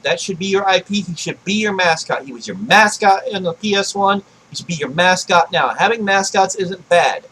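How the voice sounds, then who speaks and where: A man ranting about video games to his desk mic, swearing a lot and swinging between shouting and low grumbling. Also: a little hiss or hum, low-quality recording. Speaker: gaming vlogger. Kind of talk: angry gaming rant.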